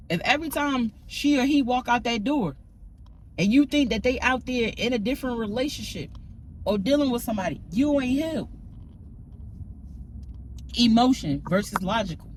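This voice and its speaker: A woman with a slightly high voice gives a casual, emphatic spiritual talk to camera for her viewers, frequently checking in with "right?" The audio is poor, with slight background noise.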